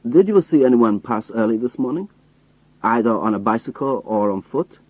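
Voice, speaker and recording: A man's voice: mid-range voice, lively intonation, moderate pace, darkish tone, no echo, natural voice, low-quality recording. A man voicing a suspicious, politely probing foreign agent.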